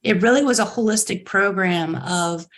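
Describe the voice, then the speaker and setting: Middle-aged woman, executive guest, animated and upbeat, slips into bright voices to quote people. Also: medium pitch, normal speed. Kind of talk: animated interview storytelling.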